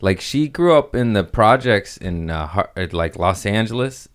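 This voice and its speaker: A man with a deep voice, a comedian guest on a podcast, joking in casual chat and laughing often. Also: lively intonation, normal speed, clean tone.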